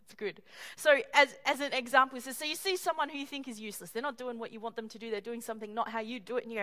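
High-voiced animated woman preaching. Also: rapid-fire. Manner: animated, acts out quoted voices with humorous asides. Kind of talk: sermon.

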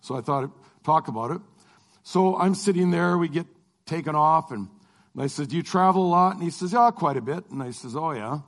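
A middle-aged Christian lecturer tells a personal travel story as a testimony, animatedly acting out the dialogue. His voice is fairly high and his pace a little fast.

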